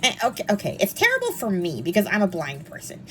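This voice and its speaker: A young woman talks through a book review in a casual, snarky way, full of ums and quick asides. Her pitch jumps around a lot as she gets worked up. A faint background hiss sits under her voice. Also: rough recording. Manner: animated, snarky and chatty, with frequent ums.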